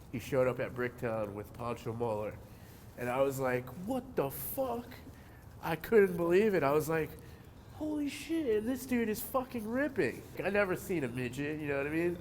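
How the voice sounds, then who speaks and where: A man, telling skateboarding stories in a relaxed interview, cursing freely and getting animated as he goes. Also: medium pitch, a little hiss or hum. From New Jersey. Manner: laid-back, swears a lot, animated when telling stories. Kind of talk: casual interview.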